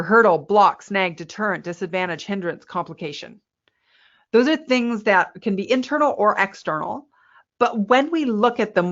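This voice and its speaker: A woman presenting a workplace resilience webinar to a camera, lively and quick to laugh at herself. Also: medium pitch. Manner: lively, laughs at herself, acts out quoted people. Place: indoor room with a window. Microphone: camera mic. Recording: slightly muffled webinar audio.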